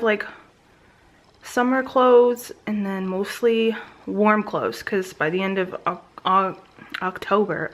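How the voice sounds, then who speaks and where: A vlogger in her thirties, speaking at home straight into her camera, shares a casual pregnancy update. Her mid-range, slightly bright voice moves slowly with frequent pauses, and she rambles chattily with lots of ums, likes and restarts. The recording is rough and picked up close on the camera.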